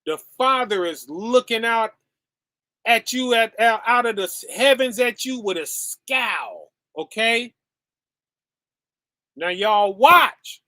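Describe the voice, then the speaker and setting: A man's voice: very high voice, expressive, slow, bright, forceful tone, dry recording, clean studio sound. A man hosting a show, giving preachy commentary full of rhetorical questions and "okay?" tags. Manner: emphatic, peppers lines with "okay?" and "right?". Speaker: podcast host.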